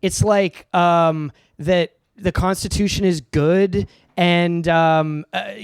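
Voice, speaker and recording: A man's voice: high-pitched, fairly even intonation, slow pace, clean tone, dry recording, clean studio sound. A man co-hosting a comedy podcast, sarcastic and explaining at length. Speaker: podcast co-host. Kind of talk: casual comedic chat.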